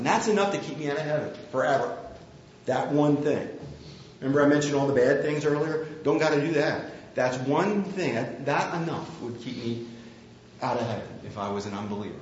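A man's voice: a little high, lively intonation, moderate pace, slight background noise. Candid preaching man in echoey hall. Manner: candid, self-deprecating storytelling. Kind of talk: sermon with personal anecdote. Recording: very echoey, slightly dull room recording.

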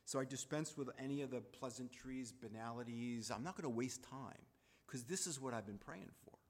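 A man telling a personal story in a reflective, halting way, repeating phrases as he goes. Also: medium pitch, long reverb tail.

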